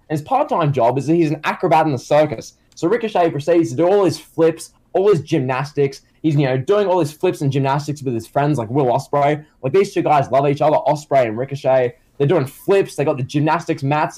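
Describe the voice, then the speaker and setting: A man's voice: a little high, a little mellow. A man co-hosting a casual comedy chat who tells rambling stories full of fillers and restarts. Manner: rambling, filler-heavy storytelling. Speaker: co-host.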